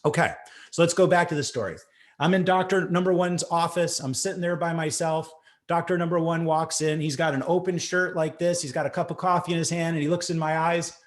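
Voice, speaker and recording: A man's voice: fairly high pitch, a little fast. A middle-aged man giving a keynote talk to an audience, telling a personal story and acting out the voices in it. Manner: animated, acts out voices in stories. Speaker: keynote speaker.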